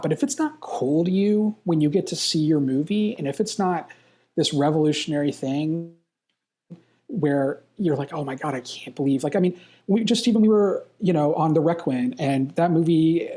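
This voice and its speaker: A man's voice: fairly high pitch, warm tone. A man talking as a filmmaker guest in a casual interview, enthusiastic and rambling, from a hotel room. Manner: enthusiastic, rambling, quick bursts.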